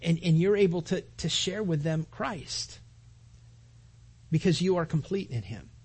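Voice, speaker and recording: A man preaching a sermon as a pastor, earnest, repeating his phrases and building to loud emphatic peaks. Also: fairly high pitch, animated, a little slow, slightly rough.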